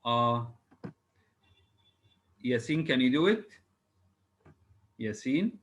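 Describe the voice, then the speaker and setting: A man's voice: mid-range voice, expressive, drawn-out words, a bit bright, low-quality recording. A man teaching English over a video call. He is patient, spells words out letter by letter and hesitates often. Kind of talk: online class drilling exam word formation.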